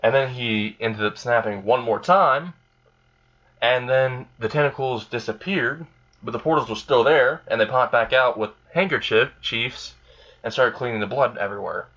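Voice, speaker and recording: A man's voice: medium pitch, normal speed, fairly bright tone, lo-fi sound. A man casually narrating an improvised fan story, rambling and filling gaps with "like" and "you know".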